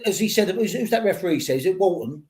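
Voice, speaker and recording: An older man holds forth in casual football chat. His voice sits a touch high, and he rambles and restarts as he argues his point. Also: animated, fast talker, a little mellow. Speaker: podcast host.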